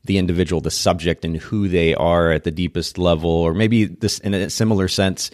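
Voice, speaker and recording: A man's voice: sits low, steady tone, fairly quick, darkish tone, dry recording, studio quality. A man hosting a podcast interview, talking in an effusive, casual way with frequent restarts. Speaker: podcast host.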